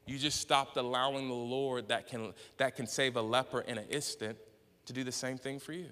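A man preaching a sermon as pastor, talking conversationally, acting out little dialogues and rising into loud bursts. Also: medium pitch. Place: church sanctuary. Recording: long hall reverb.

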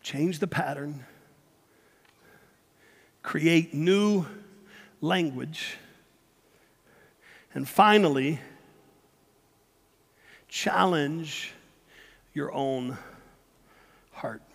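A man preaching a sermon, emphatic, repeating words and swinging between loud and hushed. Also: fairly high pitch, very slow, creaky, pauses often, breathy edge. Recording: long hall reverb.

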